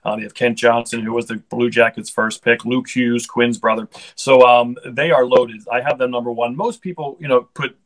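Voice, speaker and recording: A man's voice: medium pitch, fairly even intonation, normal speed, few pauses, poor audio. A middle-aged man, a hockey broadcaster, chatting casually in an interview with an upbeat, rambling manner and frequent restarts.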